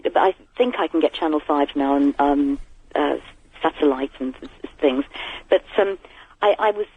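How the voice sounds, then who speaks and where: A woman's voice: low-pitched, normal speed, slightly rough. A woman calling in to a radio show, chatting in a rambling, giggly way over the phone. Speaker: caller. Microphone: telephone. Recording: muffled phone line.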